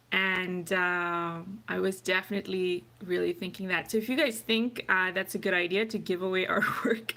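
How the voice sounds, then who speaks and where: A woman's voice: mid-range voice, pushed and bright. A woman hosting a live watercolour painting stream from home, chatting casually and answering viewer comments with plenty of fillers. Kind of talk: casual livestream chat.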